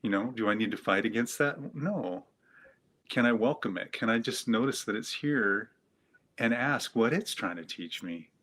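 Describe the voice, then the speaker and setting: A man, a guest psychotherapist, talking gently and reflectively in an interview, asking himself questions and using many fillers. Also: fairly low pitch, lively intonation, moderate pace.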